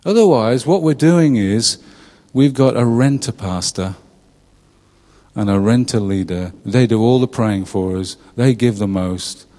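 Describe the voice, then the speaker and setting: A man's voice: mid-range voice, measured pace, dark tone. Aussie pastor guy, middle-aged, casual chatty sermon, keeps asking the room questions, long echo off a big hall. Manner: chatty, asks the congregation questions, laughs at his own jokes. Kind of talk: conversational sermon. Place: church.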